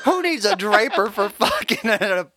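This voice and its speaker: A man co-hosting a casual chat show, making quick wisecracking reactions and swearing now and then. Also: high voice, very animated, background noise. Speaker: podcast co-host.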